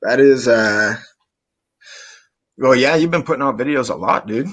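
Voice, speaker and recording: A man in the host's seat of a casual online chat, talking in an easygoing, unhurried way. His voice sits at an ordinary middle pitch. He fills pauses with plenty of "uh"s. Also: fairly bright tone. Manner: laid-back, frequent "uh" fillers. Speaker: podcast host.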